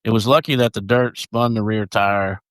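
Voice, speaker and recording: A man's voice: on the low side, fairly even intonation, moderate pace, no echo. A man co-hosting a podcast, chatting casually and reading notes aloud, stumbling over names. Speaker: podcast co-host.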